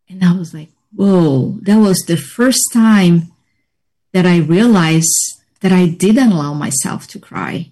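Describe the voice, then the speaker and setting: Female interview guest, unhurried and reflective, measured delivery with many pauses. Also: mid-range voice, darkish tone. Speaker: interview guest, healing practitioner. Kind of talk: personal story in conversation.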